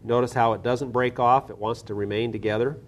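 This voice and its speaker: A man's voice: medium pitch, steady tone, fairly quick, slight background noise. A man teaching soil science, talking methodically through a hands-on lab demonstration with small restarts.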